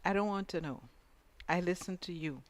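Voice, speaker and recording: A woman's voice: lowish voice, moderate pace. A woman with a Grenadian accent co-hosting a radio talk show, giving frank, emphatic opinions. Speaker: radio co-host.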